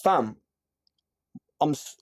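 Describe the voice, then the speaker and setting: A man, a rapper being interviewed in casual chat, talking in rapid, animated street slang with lots of restarts. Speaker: rapper and guest.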